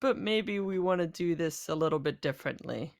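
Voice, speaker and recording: A woman player in a tabletop game, speaking slowly and thoughtfully in casual talk. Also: lowish voice, animated, gravelly.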